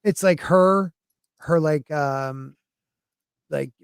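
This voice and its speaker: A man's voice: a little high, extremely slow, gravelly, clean tone, no echo, studio quality. A man co-hosting a podcast, chatting loosely about anime with lots of restarts. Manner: rambling, chatty, frequent restarts. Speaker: podcast co-host. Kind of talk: casual chat about anime.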